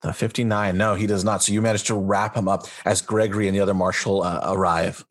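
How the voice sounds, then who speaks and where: A man running a tabletop horror game as game master, narrating in a measured way. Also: lowish voice, little pitch movement.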